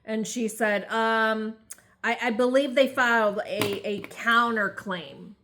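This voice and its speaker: A woman co-hosting in casual chat, calmly adding details to the story. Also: a little high, slow pace, a little hiss or hum. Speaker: co-host.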